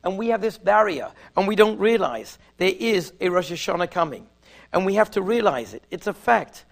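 A man giving a storytelling sermon in Orthodox Jewish English, animated and slowing down to stress his points. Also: high-pitched, gravelly. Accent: Orthodox Jewish English with Yiddish and Hebrew words. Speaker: rabbi giving a talk.

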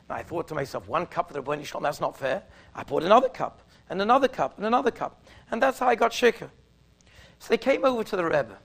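A man giving a storytelling sermon in Orthodox Jewish English, animated and slowing down to stress his points. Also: high voice, vocal fry. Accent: Orthodox Jewish English with Yiddish and Hebrew words. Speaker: rabbi giving a talk.

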